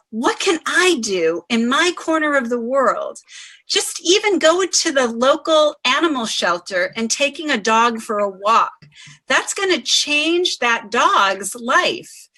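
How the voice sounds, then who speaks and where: Slow, bright-voiced woman giving gentle encouragement. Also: high-pitched, low-quality recording. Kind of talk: inspirational talk.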